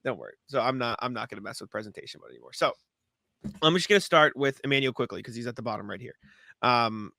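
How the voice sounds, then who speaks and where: A man's voice: medium pitch, animated, fast talker, gravelly, sharp tone, no echo. A man co-hosting a podcast in casual chat, rambling and laughing at his own mishaps. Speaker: podcast co-host.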